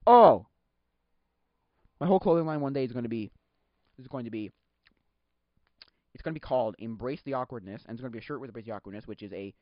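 A man hosting a podcast, chatting casually in a rambling, excitable way, laughing often and acting out quotes. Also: mid-range voice, no echo. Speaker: podcast host. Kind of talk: casual solo chat. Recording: dull lo-fi sound.

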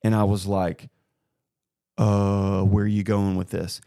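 Man, 30s, lower voice, unhurried storyteller co-host, dry close sound. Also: no room sound. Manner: storytelling, animated retelling of a conversation. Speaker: podcast co-host. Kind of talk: casual faith chat.

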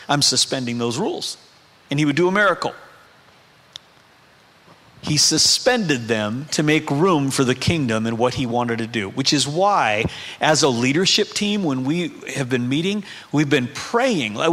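A man's voice: fairly high pitch, bright, forceful tone. A male pastor preaching a sermon in a conversational way, with humorous asides. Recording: preaching in a hall with long reverb.

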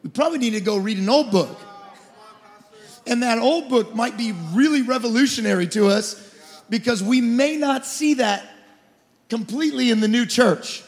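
A man in his forties preaching a sermon as lead pastor, passionate, swinging from shouted declarations to quiet storytelling. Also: very high voice, normal speed. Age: 40s. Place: church auditorium. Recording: church hall reverb.

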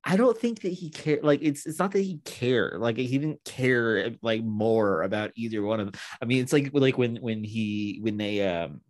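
A man co-hosting a casual movie review podcast, halting and stammering, with a sarcastic edge. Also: mid-range voice, animated, no echo. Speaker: podcast co-host.

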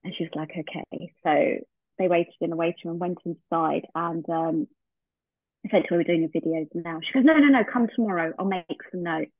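A woman's voice: fairly low pitch, level tone, normal speed, no room sound. Woman telling a heartfelt story over a tinny line. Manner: heartfelt, acts out remembered dialogue. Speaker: podcast guest. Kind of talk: personal storytelling in a podcast interview. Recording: tinny phone-like line, dry.

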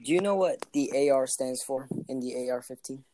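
A man's voice: mid-range voice, brisk, warm tone, a little hiss or hum, poor audio. A young man in casual chat, insistent and quizzing, talking over the other person.

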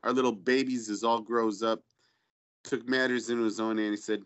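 A lower-voiced man swaps crude stories on a casual podcast. He rambles and swears freely. The audio is muffled and lo-fi. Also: level tone, normal speed, a bit bright, clear, resonant tone. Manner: rambling storyteller, profane. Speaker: podcast co-host. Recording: dull lo-fi audio.

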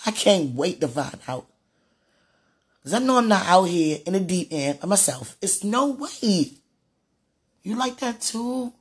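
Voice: mid-range voice, sing-song, measured pace, long pauses, slightly rough. A speaker in a fervent devotional monologue, sighing and laughing often and repeating words.

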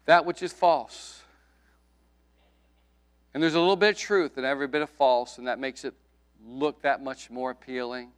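A middle-aged man preaching a sermon with emphasis, his voice rising loud and dropping to a hush, with folksy asides. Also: mid-range voice, steady tone, moderate pace, pauses often, smooth. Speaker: pastor.

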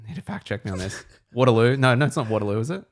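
Joking Australian co-host. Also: male voice, mid-range voice, expressive, very fast. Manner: joking, skeptical interjections. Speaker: podcast co-host. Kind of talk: casual chat.

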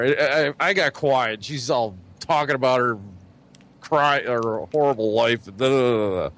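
A man's voice: mid-range voice, normal speed. A man telling a dating story to friends in a casual podcast chat, profane and laughing as he goes. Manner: animated, profane, laughing as he tells it. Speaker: podcast co-host.

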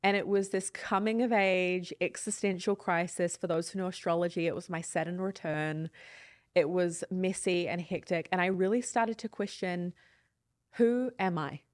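A woman's voice: on the low side, steady tone, moderate pace, no room sound. A woman in her thirties, a podcast guest, telling a personal story in a candid, reflective and earnest way. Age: 30s.

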